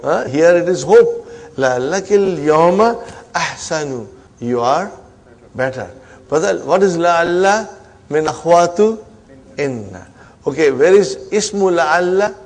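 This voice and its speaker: A man teaching an Arabic grammar class, coaxing students along, drilling terms slowly and checking they follow. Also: on the high side, expressive. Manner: coaxing, repeats "huh?" and "are you with me" to check students.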